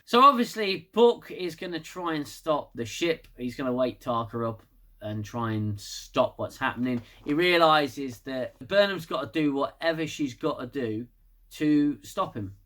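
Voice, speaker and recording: A man's voice: medium pitch, animated, a little slow, fairly bright tone. A British man casually recapping a TV episode with sarcastic, laughing asides. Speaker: TV episode reviewer.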